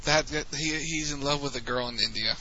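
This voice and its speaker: Bright-voiced man bantering on a podcast. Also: medium pitch, a little hiss or hum. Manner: joking, quick banter. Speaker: podcast co-host. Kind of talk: casual chat. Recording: dull lo-fi with faint ambience.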